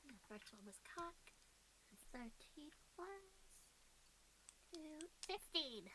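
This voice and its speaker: A woman's voice: sits high, lively intonation, takes it slowly, bright, forceful tone, slight background noise. A woman playing in a tabletop game, joking and playful. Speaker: player.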